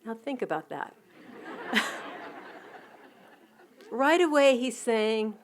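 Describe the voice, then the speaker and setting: Gentle middle-aged woman giving a spiritual talk. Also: a little high, big pitch swings, slight background noise. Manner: gentle, unhurried storytelling with soft restarts and fillers. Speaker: spiritual community teacher. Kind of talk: reflective spiritual talk with anecdotes.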